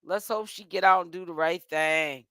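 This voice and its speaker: A woman's voice: lowish voice, moderate pace, a bit bright, smooth, no room sound. A woman hosting a casual gossip commentary vlog, sassy and chatty, tired and yawning while she talks. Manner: sassy and chatty, calls listeners honey and child. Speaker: host.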